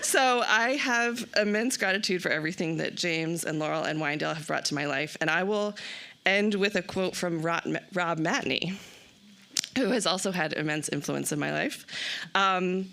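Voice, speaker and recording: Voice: medium pitch, normal speed, creaky. A young adult with an American accent, a former student giving a tribute speech at a symposium, telling stories with fillers and laughter. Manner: warm storytelling with frequent laughs and fillers. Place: symposium event.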